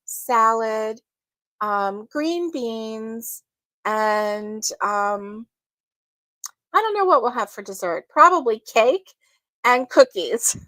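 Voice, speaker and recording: A woman hosting a casual crochet livestream, chatting with viewers, giggling often and filling pauses with ums. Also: fairly high pitch, bright, forceful tone, dry recording. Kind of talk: casual live chat with viewers.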